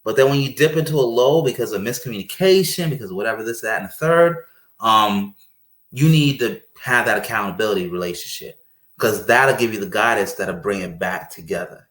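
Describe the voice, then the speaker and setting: A man's voice: fairly low pitch, a little fast. Guy chatting on a podcast, acts out voices, laughs a lot, echoey room. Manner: animated storyteller, acts out voices, laughs often. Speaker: podcast guest. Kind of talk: casual chat.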